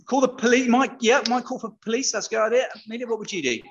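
A man's voice: very high voice, racing, a bit bright, highs cut off. A man preaching an all-age sermon, playful and interactive, chatting with children.

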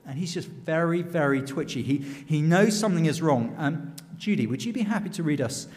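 A man giving a lively storytelling sermon in church. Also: a little high, fairly quick, in a large hall. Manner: lively, animated retelling. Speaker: church speaker.

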